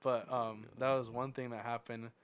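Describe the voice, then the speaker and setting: Young male podcast co-host, loose casual storyteller, swears a lot, mid pitch. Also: flat delivery, normal speed, smooth. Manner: swears freely, acts out quotes loudly.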